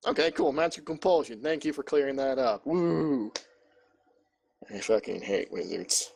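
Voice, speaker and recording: Gruff sarcastic male dwarf, played by a man, defiant and grumbling. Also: medium pitch, lively intonation, moderate pace, darkish tone, slight background noise. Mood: defiant sarcasm.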